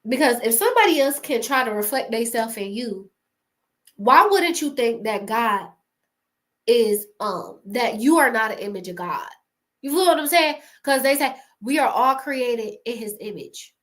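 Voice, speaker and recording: A woman talks straight to her viewers in a loose, motivational vlog. Her voice sits a little high and rings bright and forward. She keeps it animated and conversational, laughing easily and calling the audience y'all. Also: normal speed. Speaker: YouTuber giving creator advice. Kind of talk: casual motivational talk to camera.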